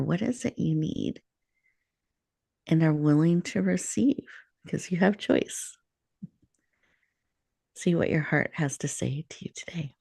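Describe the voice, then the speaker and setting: A woman host with a low, gravelly voice leads a calm guided breathing meditation. She speaks slowly and invitingly, in a soothing tone. The sound is dry and close. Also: dry recording. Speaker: radio show host.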